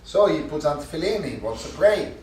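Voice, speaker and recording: A male instructor telling a parable to his class in halting, animated phrases. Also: on the high side. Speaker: course instructor. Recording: echoey room, mic far off, faint noise.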